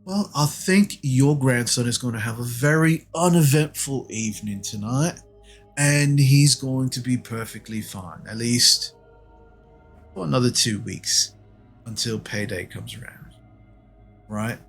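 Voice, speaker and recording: A man's voice: mid-range voice, measured pace, slightly rough, faint music behind. A man voicing a corrupt male city guard who extorts coin with mock-polite threats. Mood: sneering.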